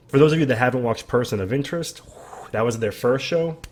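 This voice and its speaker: A man hosting a casual reaction vlog, rambling and swearing as he tells an animated story. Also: medium pitch, a little fast. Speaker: host.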